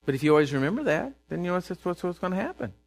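A man preaching at a church pulpit, his voice sitting high and swinging widely in pitch. He talks in plain, homespun phrases and jumps into the voices of the people in his stories. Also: very fast, creaky. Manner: animated, acts out voices of people he quotes. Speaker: pastor. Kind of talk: sermon.

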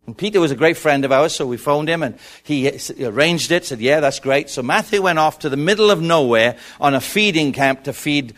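A middle-aged man preaching a sermon, telling stories with animated repetition. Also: a little high, brisk. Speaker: pastor.

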